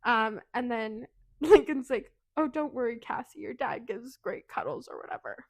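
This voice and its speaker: A woman podcast co-host casually recapping a novel's plot, animated and giggly, acting out the characters' lines in a higher voice. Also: normal speed. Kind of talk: casual book recap chat.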